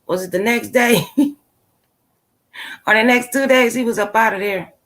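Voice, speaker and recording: Speaking at a measured pace, a woman with a slightly high, somewhat bright voice runs her own channel. She offers casual commentary to her live chat, sassy, blunt and opinionated, with plenty of slang.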